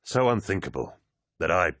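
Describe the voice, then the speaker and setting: A towering male warrior, grave and troubled, as a man reads him aloud. The voice sits extremely deep and slightly husky, delivered slow and measured in a dry, close studio sound. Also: sing-song, a bit bright, no echo, exaggerated voice. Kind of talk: audiobook character voice.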